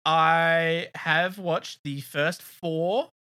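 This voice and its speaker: Bright-voiced South Australian man. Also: a little high, steady tone, very slow, smooth. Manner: rambling, laughing, swearing casually. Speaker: podcast co-host. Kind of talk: casual chat.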